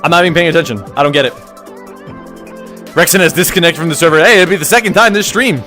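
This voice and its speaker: A young man live-streaming and chatting with his viewers, loud and excitable, joking at his own expense and bursting into yells. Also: fairly high pitch, fast talker, soft background music. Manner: joking, self-mocking banter with chat. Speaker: livestreamer.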